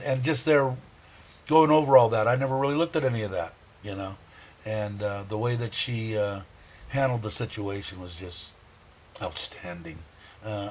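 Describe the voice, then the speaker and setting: A man hosting a casual livestream, rambling warmly, chuckling and reading viewer comments aloud. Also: lowish voice, slight background noise. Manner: heartfelt, chuckles often. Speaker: livestream host.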